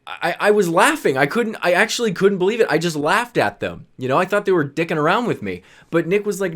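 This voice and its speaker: A young man casually telling funny stories from his high school days, acting out what his friends said and laughing as he goes. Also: a little fast, hardly any pauses. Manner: animated, laughs while telling, acts out friends' lines. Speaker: storyteller vlogger. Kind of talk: casual storytelling.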